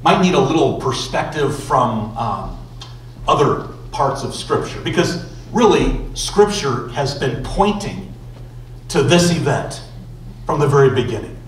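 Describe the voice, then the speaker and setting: A male pastor preaching a sermon slowly and emphatically, with dramatic pauses. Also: medium pitch, very animated, slight background noise. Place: church sanctuary. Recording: roomy church echo from far off.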